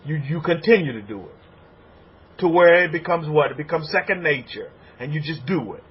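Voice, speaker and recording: A man preaching a sermon as a rabbi, animated and repetitive. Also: on the high side, moderate pace, muffled recording, slight background noise. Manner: animated preaching, acts out congregants' voices.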